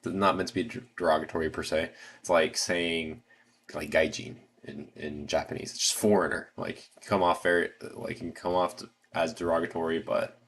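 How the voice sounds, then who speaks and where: A man's voice: sits low, fairly bright tone, slight background noise. A man with an American accent hosting a casual livestream, rambling with lots of fillers and restarts. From United States. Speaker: livestream host.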